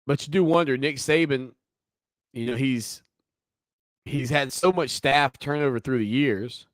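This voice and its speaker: Male sports talk host, mid pitch, dry close studio sound, chatty and opinionated. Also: a little slow, dry recording. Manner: conversational, opinionated, teasing asides. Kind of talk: sports talk radio monologue.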